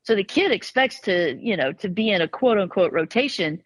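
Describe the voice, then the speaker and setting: A woman who is a former college and travel ball softball coach, talking casually on a podcast in an animated storytelling way, often restarting and repeating words. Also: medium pitch, moderate pace, no echo, rough recording.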